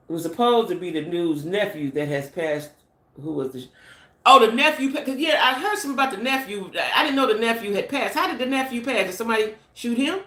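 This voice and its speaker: A woman's voice: medium pitch, lively intonation, quick pace, a bit bright, reverberant. A middle-aged American woman hosting a casual gossip live stream, chatty and speculative, talking straight to her viewers. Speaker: channel host.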